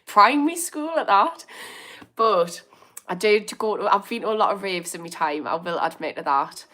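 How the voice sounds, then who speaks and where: This is a woman in her thirties with a Birmingham accent, hosting a casual livestream. She talks close to the mic and reads comments aloud, laughing often and pushing back with amused indignation. Her voice sits fairly low for a woman. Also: moderate pace, a bit bright. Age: 30s. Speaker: recovery coach hosting a livestream.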